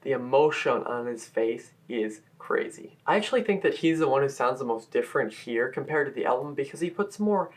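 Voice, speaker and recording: A man's voice: medium pitch, animated, a little fast, hardly any pauses. A man reviewing a filmed stage musical in a solo video, talking as an eager, gushing fan into a camera-mounted mic. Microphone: camera-mounted shotgun mic.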